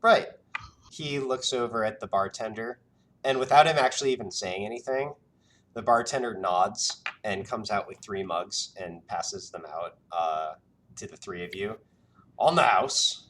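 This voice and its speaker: A man acting as game master narrates a tabletop game, pausing often with lots of ums and uhs. His voice is fairly low in pitch with a fairly bright tone.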